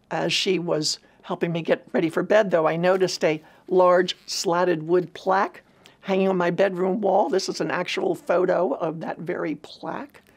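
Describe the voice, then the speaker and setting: Gravelly, husky woman telling her story. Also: on the low side. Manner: earnest, reflective storytelling. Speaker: speaker at a women's ministry event. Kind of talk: personal testimony talk.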